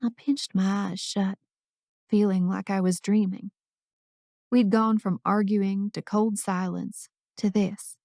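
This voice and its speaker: A woman's voice: medium pitch, fairly even intonation, takes it slowly, a little mellow, no room sound, studio quality. A woman narrating a first-person romance audiobook in an intimate, emotional reading.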